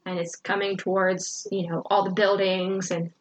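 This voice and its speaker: A woman's voice: mid-range voice, moderate pace, slight background noise, rough recording. A young woman co-hosting a book podcast, retelling the story in casual chat and acting out the characters' lines. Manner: animated storytelling with acted quotes and laughter.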